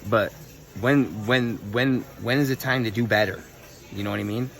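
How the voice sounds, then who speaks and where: Profane, animated man ranting. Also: on the low side, normal speed, creaky. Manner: profane, animated, streetwise slang. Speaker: vlogger. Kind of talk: casual storytelling rant.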